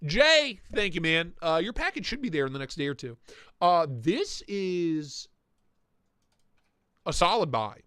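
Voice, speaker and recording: A man's voice: on the high side, big pitch swings, a little slow, long pauses, bright, forceful tone, clean tone, no room sound, studio quality. A man hosting a casual live stream, riffing and joking with mock indignation, with a stuffy, blocked nose. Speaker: livestream host reviewing knife listings.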